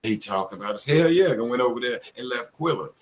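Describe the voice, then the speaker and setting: A man's voice: medium pitch, lively intonation, fast. A middle-aged man hosting a casual live stream, talking in a loose, slangy, profane and rambling way.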